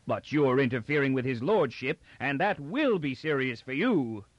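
A man voicing a blustering, sarcastic brawny city guard who talks loud and heavy, in a dull, dry recording. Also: mid-range voice, animated, normal speed, no room sound, voice pushed up, close to an everyday voice.

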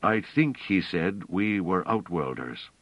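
Man playing a hesitant wondering scholar, uncertain questions, deep voice, lively pitch, audiobook, dry dull sound. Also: slow pace, dry recording, exaggerated voice.

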